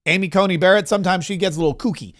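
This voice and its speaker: A man's voice: high voice, racing. A man hosting a political podcast, giving opinionated commentary with sarcastic, mocking quips and loose, restarting sentences.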